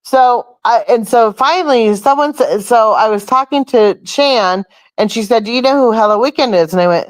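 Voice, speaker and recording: A woman's voice: a little high, normal speed, dry recording. A woman hosting a casual chat, telling a long rambling story and swearing freely. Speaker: host.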